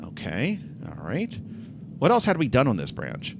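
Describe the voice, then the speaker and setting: A man's voice: a little high, wildly swooping pitch, moderate pace, creaky, fairly bright tone, a little hiss or hum. A man streaming live, telling a rambling story with lots of fillers and swearing, then chatting about coding. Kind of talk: casual live-stream chat.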